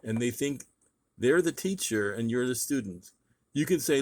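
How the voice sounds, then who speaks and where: A man's voice: medium pitch, lively intonation, normal speed. A man vlogging in a casual monologue, talking emphatically in a ranting way and repeating his points.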